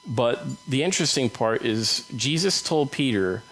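A man's voice: medium pitch, expressive, fairly bright tone, poor audio. Male preacher, casual conversational sermon, mid-range voice. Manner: conversational, acts out Bible dialogue in quick voices.

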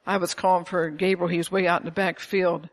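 A woman's voice: lowish voice, flat delivery, brisk. Older woman preaching, emphatic and chuckling. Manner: emphatic, storytelling, chuckles often. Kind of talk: informal sermon to a small congregation.

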